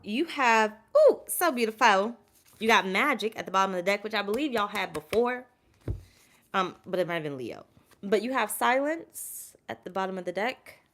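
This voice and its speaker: A woman doing a casual tarot reading to her viewers, blunt and profane, addressing them directly and swinging between loud urging and quiet asides. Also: mid-range voice, expressive, moderate pace, slight background noise. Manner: talks straight to her audience as "y'all". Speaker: tarot reader.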